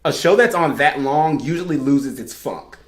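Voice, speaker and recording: A woman on a podcast panel, telling her story in an animated, emphatic way in casual chat. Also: deep voice, normal speed, roomy sound. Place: podcast studio room.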